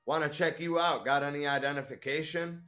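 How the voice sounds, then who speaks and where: A man's voice: fairly high pitch, fairly even intonation, fairly quick, bright, forceful tone, faint music behind. A man voicing a blustering male police officer, blunt and demanding.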